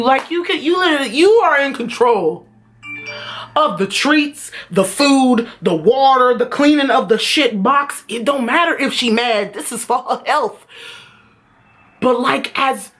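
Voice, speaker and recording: A woman vlogger telling a casual storytime, animated and profane, often laughing. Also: high voice, a little slow.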